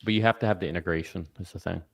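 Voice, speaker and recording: A man's voice: sits low, steady tone, rapid-fire, vocal fry. A man co-hosting a podcast, joking around and using lots of fillers while acting out spoken commands. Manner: jokey, filler-heavy, acts out commands. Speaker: podcast co-host. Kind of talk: casual panel chat.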